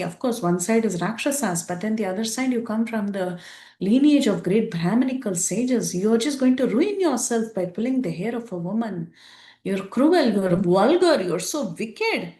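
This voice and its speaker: A woman's voice: medium pitch, lively intonation, moderate pace, darkish tone, reverberant, close to an everyday voice. A woman voicing a male monkey warrior hero who scolds in an indignant tirade. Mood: outraged.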